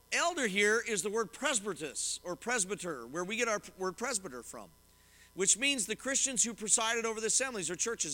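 Man, pastor, middle-aged, sermon, fast conversational delivery, lingering church reverb. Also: high voice, bright, forceful tone. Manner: fast-talking, conversational, reassuring asides to the congregation. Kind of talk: sermon teaching from scripture and commentary. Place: church sanctuary.

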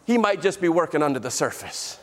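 A man preaching a sermon as pastor, emphatic, slowing down to stress key phrases and calling out to the congregation. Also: on the high side, very animated. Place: church sanctuary.

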